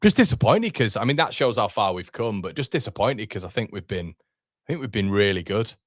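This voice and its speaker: A man's voice: fairly low pitch, a little fast, a bit bright, dry recording, clean studio sound. Frustrated man doing live fan commentary. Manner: frustrated, swearing, talks to chat. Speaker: fan watchalong host.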